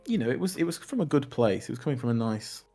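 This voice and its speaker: A man's voice: mid-range voice, very animated, quick pace, mellow, faint music behind. Rambling, laughing man in his thirties. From England. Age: 30s. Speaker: podcast co-host. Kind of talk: casual banter.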